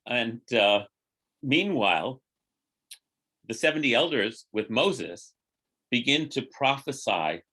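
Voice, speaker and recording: Rabbi, middle-aged man, storytelling teacher; conversational, acts out the characters. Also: medium pitch. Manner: animated storyteller, acting out quotes in lively voices. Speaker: rabbi teaching a Torah class. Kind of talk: informal Torah teaching.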